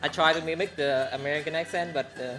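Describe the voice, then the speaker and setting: A man who is not a native English speaker reads viewer questions aloud on a livestream, haltingly and with fillers. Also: on the high side, fairly even intonation, over music. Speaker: stream co-host reading comments.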